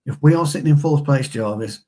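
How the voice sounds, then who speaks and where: A man's voice: fairly high pitch, brisk, dark tone. A man co-hosting a casual football fan chat, bantering with his co-host. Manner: chatty, banter-filled, addresses co-host as pal.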